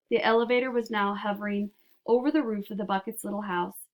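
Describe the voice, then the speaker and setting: Woman narrator, mid-pitched, steady storybook read-aloud. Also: brisk.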